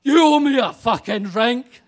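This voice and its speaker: A man voicing a drunk, belligerent woman in a bar, shouting her demands at him. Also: extremely high pitch, expressive, measured pace, pitched above the performer's own voice, exaggerated voice.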